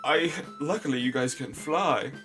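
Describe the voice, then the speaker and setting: A man's voice: mid-range voice, unhurried, a bit bright, soft background music, pitched above the performer's own voice, natural voice. A man voicing a tiny male purple dragon knight who stammers and pleads in a flustered, breathless way. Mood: pleading.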